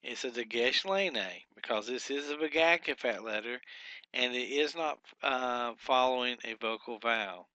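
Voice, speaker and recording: Male teacher, bright clear voice, dry close sound; halting delivery with fillers, slow syllable drills. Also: medium pitch, dry recording. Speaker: Hebrew teacher. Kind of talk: recorded grammar lesson.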